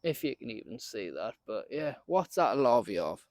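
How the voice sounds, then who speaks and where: A man's voice: mid-range voice, big pitch swings, normal speed, darkish tone, no room sound. A man giving a casual, chatty running commentary while he works on his allotment garden outdoors, often laughing and talking to himself.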